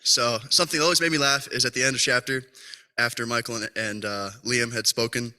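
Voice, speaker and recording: Young man, wry memorial story, bright voice, hesitant fillers. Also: mid-range voice, steady tone, a little fast. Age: young adult. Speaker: speaker at a memorial.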